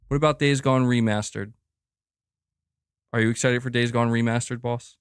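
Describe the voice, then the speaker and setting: A man's voice: mid-range voice, steady tone, moderate pace, long pauses, smooth, no echo, clean studio sound. A young man hosting a casual gaming livestream, bantering playfully with his cat and reading viewer chats aloud. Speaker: gaming news streamer.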